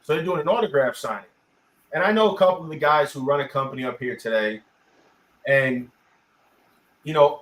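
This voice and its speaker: Young guy telling a story on a podcast, fairly high voice, far from the mic in an echoey room. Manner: animated, talks over others, acts out quotes. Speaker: podcast co-host.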